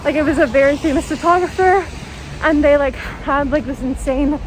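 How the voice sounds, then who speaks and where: Brief: young woman vlogger, high-pitched, chatty and laughing, swears freely, recorded on a street with loud traffic noise. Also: moderate pace. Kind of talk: casual vlog. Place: outdoors on city streets.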